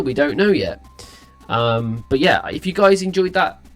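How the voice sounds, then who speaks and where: A man's voice: on the high side, animated, a little slow, soft background music. A tired young man talks through his reaction to a song in a loose, rambling way. He stops and restarts often, keeping things casual and friendly as the channel's host. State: tired, yawning.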